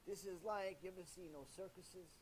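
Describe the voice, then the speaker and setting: A man preaching a sermon as a rabbi, animated, repeating himself and asking rhetorical questions. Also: sits high, brisk, a little hiss or hum.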